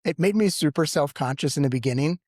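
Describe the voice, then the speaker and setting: A man, a paramedic co-hosting a podcast, telling a story with lively jumps in pitch when he quotes people. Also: fast talker, no echo, clean studio sound. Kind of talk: storytelling in casual podcast chat.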